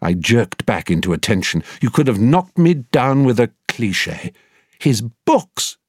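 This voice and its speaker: A man's voice: mid-range voice, very animated, measured pace, breathy edge, dry recording, studio quality. A man reading a first-person story aloud in a droll, wry storytelling manner. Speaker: narrator. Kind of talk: scripted audiobook narration.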